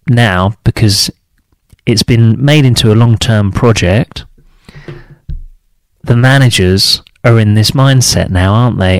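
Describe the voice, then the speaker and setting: Ranting football fan man, dry sound. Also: no room sound. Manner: frustrated, ranting, mocks other fans in high put-on voices. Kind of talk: opinionated solo talk to camera.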